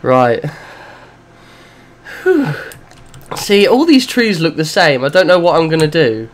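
Young guy doing let's play commentary, high voice, slow easy delivery, swears a lot. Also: sing-song. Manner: chatty, swears often, talks to himself and his teammate. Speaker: gaming channel host.

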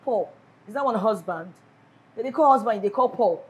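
Actress as a bitter, envious Nigerian wife. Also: female voice, a little high, animated, moderate pace, muffled recording, lightly acted. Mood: complaining. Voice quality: repeats herself, mixes in Pidgin. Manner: dramatic, dismissive complaining. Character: frustrated married woman, envious and bitter. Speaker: wife complaining about her husband. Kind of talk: Nollywood film acting.

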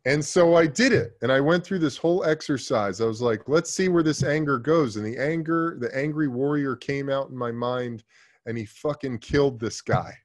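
A man in his thirties talks casually as a podcast guest, and his story comes out animated and full of swearing. His voice sits at an ordinary pitch. He drops to quiet asides, then pushes loud on the points he wants to land. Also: normal speed. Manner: animated, profane, swings between hushed asides and loud emphasis.

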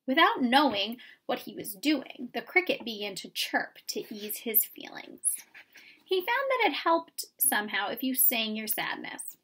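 A woman reading a children's chapter book aloud in a calm, even storytelling manner. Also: a little high, unhurried, slightly rough. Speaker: reader. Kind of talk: storybook read-aloud narration.

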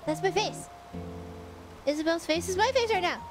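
A young woman streaming a video game live, excitable and emotional, gushing with exclamations and thanks. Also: very high-pitched, normal speed, over music. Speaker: VTuber streamer.

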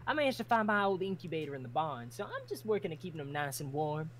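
A woman voicing a brash, house-proud bird-woman farmer with a folksy Southern drawl who scolds quickly. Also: low voice, big pitch swings, slight background noise. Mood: friendly. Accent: American Southern.

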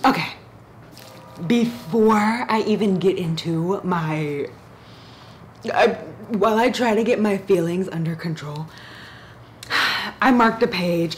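Woman, book vlogger, casual reading-vlog chat, giggly, excitable, slightly low voice. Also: slight background noise. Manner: animated and giggly, gushing with big excited jumps.

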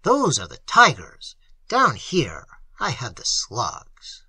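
A hoarse old pastor, as an audiobook reader puts him on, speaks with fervent, emphatic conviction. The voice is husky and bright, rising and falling dramatically. The recording is dry and close. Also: medium pitch, huge pitch swings, takes it slowly, no room sound, exaggerated voice.

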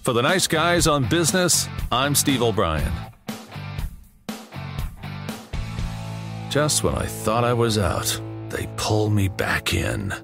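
A man voicing a deep, slow male movie-trailer announcer with a drawn-out, dramatic delivery. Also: sing-song, vocal fry, music in the background.

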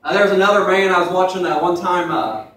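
A man's voice: high voice, fairly even intonation, fairly quick, fairly bright tone, a little hiss or hum. A young man preaching a sermon in a conversational way, with asides, in a church sanctuary. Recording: echoey room from far off.

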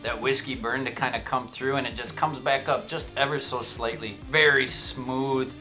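A man's voice: mid-range voice, steady tone, normal speed, sharp tone, faint music behind. A man giving a casual whiskey tasting review, chatty and self-amused, with joking asides. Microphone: shotgun microphone.

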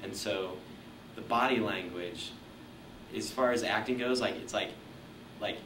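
A man's voice: on the low side, a little slow, echoey room, recorded from a distance, noisy background. A teenage boy in an interview, explaining acting in a casual, rambling way full of fillers. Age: teens. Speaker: high school drama student.

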